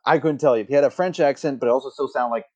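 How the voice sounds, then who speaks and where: A man's voice: medium pitch, rapid-fire, a little hiss or hum. A young man co-hosting a casual podcast, telling stories hesitantly with lots of fillers. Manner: hesitant, filler-heavy storytelling. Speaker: podcast co-host. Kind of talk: casual chat. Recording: dull lo-fi mic.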